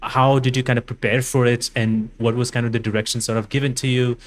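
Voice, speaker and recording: A man hosting a podcast interview, asking questions in a halting way, often repeating and rephrasing himself. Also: medium pitch, flat delivery. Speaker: podcast host.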